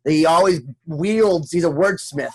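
A man's voice: on the high side, darkish tone. A man co-hosting a podcast, teasing and joking with his guest in casual chat. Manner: teasing, quick jokes. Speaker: podcast co-host.

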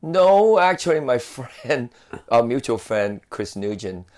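A man's voice: medium pitch, big pitch swings, takes it slowly, a little mellow. A man telling a long story in casual chat, rambling with many fillers and restarts.

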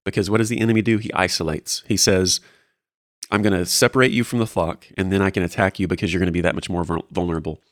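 A man talks quickly and earnestly about guiding young people, with a fairly low voice. He restarts phrases often as he encourages his listeners. The sound is dry and close. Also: steady tone, no echo. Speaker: co-host discussing mentoring. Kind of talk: casual faith-based discussion.

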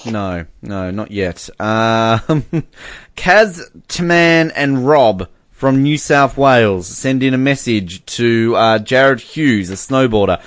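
A man co-hosts a loose, joking chat, reading messages aloud and laughing at them. His pitch moves around a lot. The sound is close and dry. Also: expressive, takes it slowly, no room sound. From Australia. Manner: chatty, amused, laughs often. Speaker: podcast co-host.

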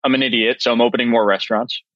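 A man's voice: mid-range voice, steady tone, very fast, a bit bright, dry recording, dull audio. A man in his forties from Massachusetts, a chef guesting on a podcast, talking in a dry, self-mocking way. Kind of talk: casual interview chat.

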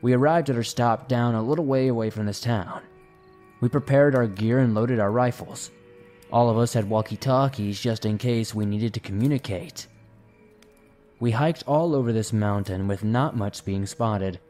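A man with a dark, mellow, medium-pitched voice narrates scary stories that listeners have sent in. At the eerie moments he slows right down and goes quiet, while faint music plays beneath him.

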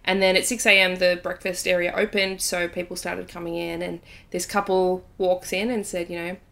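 A woman co-hosting a relaxed podcast, spinning a spooky personal story. She talks with animated energy and quickens at the tense moments. Her pitch sits a little low. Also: gravelly. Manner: animated, breathless when telling scary parts, laughs often. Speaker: podcast co-host. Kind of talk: casual storytelling chat.

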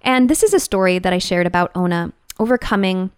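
A woman's voice: brisk, clean tone, no echo, clean studio sound. A woman hosting a solo recovery podcast, earnest and encouraging, acting out inner voices now and then. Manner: earnest and encouraging, acts out inner voices with big pitch jumps. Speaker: podcast host and recovery coach. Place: room with a whiteboard.

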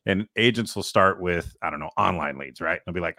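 A man's voice: low voice, bright, forceful tone, no echo, studio quality. A man co-hosting a podcast, making emphatic points with analogies and frequent "right?" checks. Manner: emphatic, explains with analogies and quick rhetorical "right?". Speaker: podcast co-host. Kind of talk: casual podcast chat.

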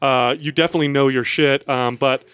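Fast-talking casual male podcast host. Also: medium pitch, steady tone, fairly bright tone, smooth, no room sound, clean studio sound. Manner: quick, casual, swears freely. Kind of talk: casual interview chat.

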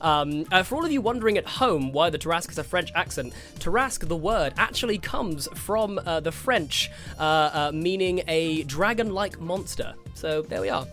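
Brief: a male game master, higher-pitched, filler-heavy narration. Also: animated, moderate pace, few pauses, fairly bright tone, soft background music. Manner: rambling, lots of fillers.

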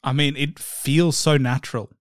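A man hosting a casual interview, relaxed and agreeable, often saying "like" and "you know". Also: mid-range voice, normal speed, no echo, clean studio sound. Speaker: podcast host.

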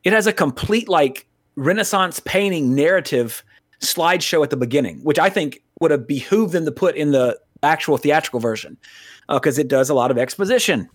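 Slightly high-voiced man in a rambling, profane film chat. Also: lively intonation, fairly quick, no room sound, studio quality. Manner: rambling, profane, self-interrupting. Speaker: podcast co-host reviewing films. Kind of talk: casual film review chat.

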